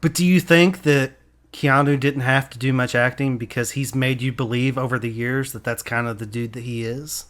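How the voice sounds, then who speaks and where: A man's voice: medium pitch, steady tone, normal speed, fairly bright tone. A man hosting a casual movie review podcast, pressing his co-hosts with questions and debating their points. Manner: questioning, argumentative. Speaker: podcast host.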